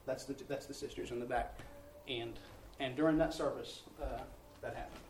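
Folksy preacher in an echoey hall. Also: male voice, medium pitch, steady tone, moderate pace, a little mellow, slight background noise. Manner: folksy storytelling, acting out dialogue. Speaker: missionary preacher. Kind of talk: sermon-style testimony with slides. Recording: echoey room, distant mic, faint ambience.

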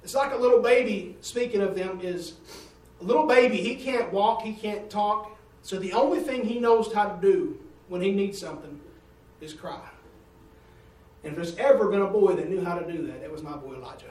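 A man preaching a sermon in a folksy storytelling way, swinging from loud to hushed. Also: sits high, normal speed. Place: church sanctuary. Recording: echoey room heard from a distance.

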